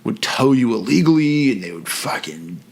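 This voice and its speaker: A man in his forties from Chicago, chatting as a podcast guest, telling animated stories that burst into loud, profane rants. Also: medium pitch, moderate pace, creaky. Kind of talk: casual podcast chat.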